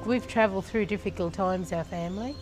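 A woman's voice: mid-range voice, music in the background. A middle-aged Australian woman from a church leadership team, sharing a personal faith testimony in an earnest, storytelling way. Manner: slow, earnest storytelling with pauses and laughs.

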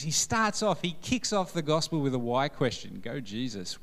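Brief: male preacher, mid-pitched voice, humorous, quizzes his congregation. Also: big pitch swings, moderate pace, big-room sound. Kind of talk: sermon. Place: church service.

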